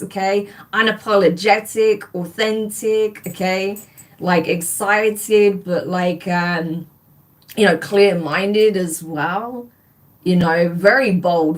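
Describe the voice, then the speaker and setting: A woman's voice: mid-range voice, fairly even intonation, slow. A woman reading tarot on a live stream, gushing and enthusiastic as she talks straight to her viewers. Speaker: tarot reader.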